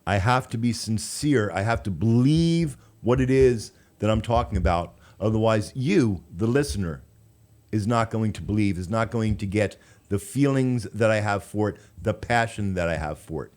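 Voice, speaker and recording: A deep-voiced man hosts a local radio talk show. He is chatty and full of advice, and his words tumble and repeat as he goes. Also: expressive, normal speed, darkish tone. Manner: chatty, coaching, trips over his words. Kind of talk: casual radio interview chat.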